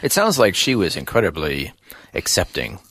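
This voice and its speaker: Gentle interviewer man, very low voice. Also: huge pitch swings, moderate pace, slight background noise. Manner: gentle, affirming questions and reflections. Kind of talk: conversational interview.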